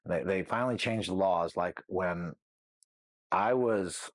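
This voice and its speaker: A middle-aged man with a somewhat low voice talks through his personal history as an interview guest. He rambles candidly, circling back and tossing in "you know what I mean" again and again. The sound is close and dry, with no room around it. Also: slow, no echo.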